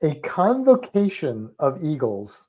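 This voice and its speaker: A man co-hosting a livestream, chatting casually and rambling with fillers. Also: on the high side. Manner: relaxed, rambling, halting with fillers. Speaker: livestream co-host. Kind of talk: casual chat.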